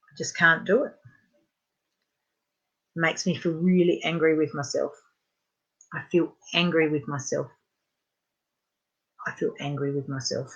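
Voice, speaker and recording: Woman, tapping practitioner, slow unhurried delivery, repetitive guided phrases. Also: sits low. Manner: gentle, repetitive guided statements for listeners to echo; chatty and informal, with frequent fillers. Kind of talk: leading a live guided tapping session.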